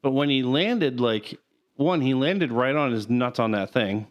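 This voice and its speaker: A man's voice: mid-range voice, a little slow, muffled recording. A man co-hosting a casual movie chat, recounting scenes in a loose, rambling way full of fillers. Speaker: podcast co-host.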